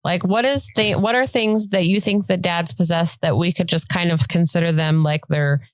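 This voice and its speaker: Woman podcast cohost, casual teasing chat, slightly low voice, dry sound. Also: steady tone, moderate pace, no echo. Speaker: podcast co-host.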